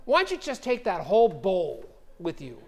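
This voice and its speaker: A chatty, gushing woman shopkeeper, as a preacher quotes her. She is eager to please and keeps offering treats. The voice sits high in pitch. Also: wildly swooping pitch, normal speed, full character voice. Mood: effusive.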